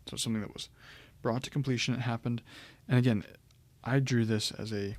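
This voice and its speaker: A man's voice: mid-range voice, steady tone, fairly quick, darkish tone, no room sound. A man teaching Greek grammar in a recorded lecture, explaining step by step with frequent ums and restarts.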